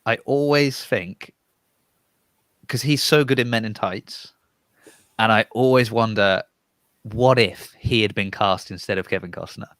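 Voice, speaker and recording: Male podcast voice, low and stammering, dry close-miked sound. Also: measured pace, pauses often, a bit bright, no echo. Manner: stammering, repeating his first words. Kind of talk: casual movie review chat.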